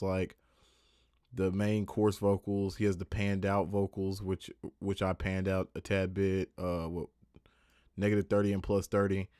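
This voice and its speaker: A man with a lowish voice explains his mixing steps in a loose, rambling way, often stopping to correct himself. The sound is dry and close, with no room around it. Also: a little mellow, clear, resonant tone, no echo. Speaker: music producer and mix engineer. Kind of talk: casual livestream tutorial.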